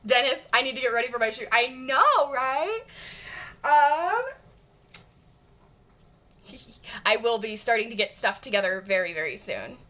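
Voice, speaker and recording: A woman with a general Michigan accent talks straight to her viewers in a casual chat. Her voice sits a bit high and rings bright and forceful. She is blunt and emphatic and swears freely. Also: very animated, a little slow, pauses often. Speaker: streamer.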